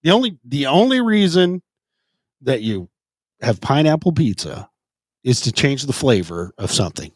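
A man's voice: mid-range voice, sing-song, moderate pace, dry recording, studio quality. Brash swearing podcast host man. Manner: brash, swears freely, laughs often. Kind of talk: crude comedic banter.

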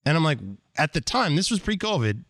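Blunt, animated man telling stories. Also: on the high side, brisk, no room sound, studio quality. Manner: animated, blunt, self-deprecating, acts out quoted dialogue. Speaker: interview guest, sales executive. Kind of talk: candid conversational storytelling.

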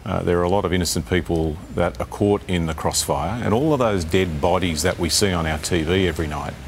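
A man's voice: deep voice, brisk, slight background noise. An Australian man speaking as a politician on a live TV panel, earnest and repeating words when pressed. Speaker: politician guest.

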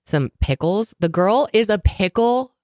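A woman's voice: medium pitch, animated, unhurried, a little mellow, no echo, clean studio sound. A woman co-hosting a casual podcast chat, congested with a sore throat, rambling with lots of fillers. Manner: rambling, filler-heavy, laughs often. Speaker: podcast co-host.

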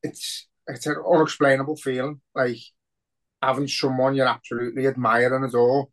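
A man's voice: medium pitch, flat delivery, normal speed. A man with a Liverpool accent co-hosting a casual podcast, rambling and emotional, swearing heavily. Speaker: podcast co-host.

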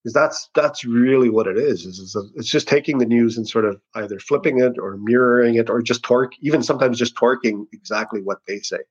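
Man, husky voice, sarcastic satirist, rambling and restarting, casual interview, slightly muffled audio. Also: mid-range voice, fairly quick, few pauses. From Canada. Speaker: satirical news writer.

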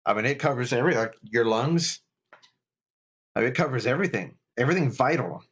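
A man's voice: mid-range voice, lively intonation, fairly quick, fairly bright tone, husky, lo-fi sound. Middle-aged chaplain guy talking faith, earnest and preachy, lots of restarts. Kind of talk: casual faith talk.

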